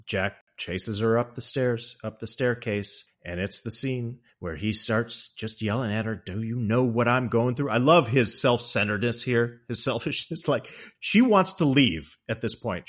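Lowish-voiced man retelling a film. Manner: animated storytelling, acts out quotes. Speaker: podcast host. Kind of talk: casual film discussion.

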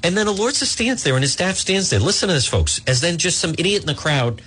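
A male talk radio host with a husky, somewhat raised voice. He rants with indignation, and his pitch swings widely as he leans into his points. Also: big pitch swings, quick pace, fairly bright tone. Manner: indignant, ranting, reads live ads.

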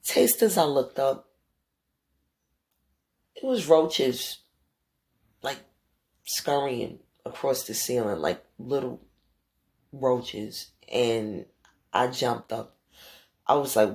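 A middle-aged woman hosting a podcast, telling a story in a casual, animated, profane way and acting out quotes. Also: slow, long pauses. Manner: animated, profane, acts out quotes with big pitch jumps. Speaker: podcast host.

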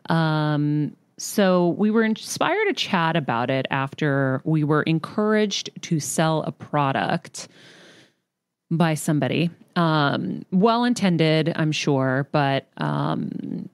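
Chatty low-voiced woman podcast host. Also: takes it slowly, clean tone, dry recording. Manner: chatty, animated storyteller. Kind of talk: casual chat.

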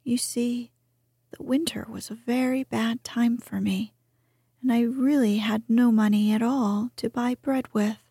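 A humble, good-hearted young gardener, as a woman puts him on in whispered role-play. His voice sits a touch higher, breathy and earnest. The telling stays slow and hushed. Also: steady tone, no echo, clean studio sound.

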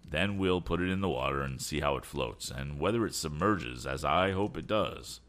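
A man's voice: a bass voice, expressive, moderate pace, a bit bright. A man voicing an aged male inventor who is fretful and tired, in a storybook reading.

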